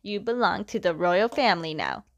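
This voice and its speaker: A woman's voice: mid-range voice, expressive, normal speed, muffled recording, a little hiss or hum, lightly acted. Woman quoting a stern menacing male ruler. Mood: commanding.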